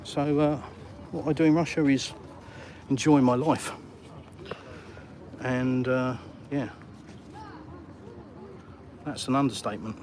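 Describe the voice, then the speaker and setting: A man's voice: medium pitch, steady tone, takes it slowly, pauses often, darkish tone. A retired man from England with an English accent, chatting on a live-streamed walk outdoors and reading out viewer comments in a matey way. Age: older. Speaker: vlogger. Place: outdoors by water in a town. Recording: outdoor traffic noise.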